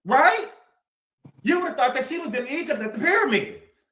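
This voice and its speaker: A man's voice: very high-pitched, big pitch swings, normal speed, bright, forceful tone, echoey room. A man hosting a livestream, recapping reality TV in a sassy, dramatic way and repeating his lines for emphasis. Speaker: livestream host. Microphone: streaming mic.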